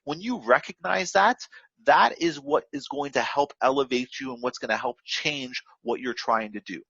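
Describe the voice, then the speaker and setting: A man's voice: medium pitch, normal speed, bright, forceful tone, breathy edge, no room sound, muffled recording. A man coaching forex traders in a casual motivational talk, rambling and full of fillers and repeats. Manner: rambling, filler-heavy, repetitive, instructive.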